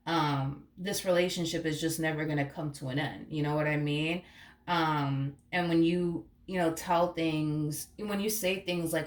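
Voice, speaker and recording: Low-voiced woman giving a rambling tarot reading. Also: roomy sound. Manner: rambling, emphatic, swears casually, fillers and restarts. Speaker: tarot reader.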